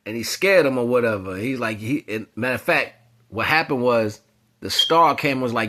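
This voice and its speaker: A man's voice: medium pitch, moderate pace. Rambling man musing on spiritual topics. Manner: rambling, slangy, animated storytelling. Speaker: spiritual commentator. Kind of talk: casual spiritual monologue.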